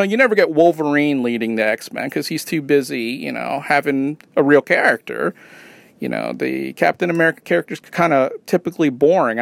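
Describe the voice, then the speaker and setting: A man's voice: a little high, vocal fry, dry recording. A man ranting casually in a rambling, profane and sarcastic way. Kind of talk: casual rant.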